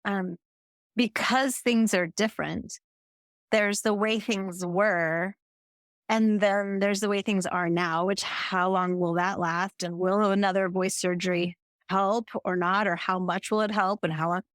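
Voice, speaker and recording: A woman talks as a podcast guest, thoughtful and empathetic, turning questions over as she speaks. Her voice sits at a middle pitch with a dry, close sound. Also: steady tone, a little slow, dry recording. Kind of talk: reflective conversational interview talk.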